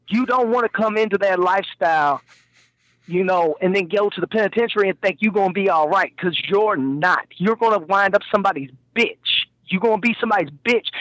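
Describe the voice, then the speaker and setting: A man's voice: high voice, fairly bright tone, no room sound, poor audio. A man in casual chat, giving blunt, emphatic warnings.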